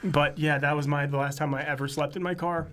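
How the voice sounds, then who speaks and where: A man with a slightly higher-pitched voice tells a story in casual chat. His easygoing delivery leans on quoted dialogue and the odd laugh. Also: steady tone, a little fast, a bit bright, slight background noise. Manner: laid-back storyteller who quotes people and laughs along.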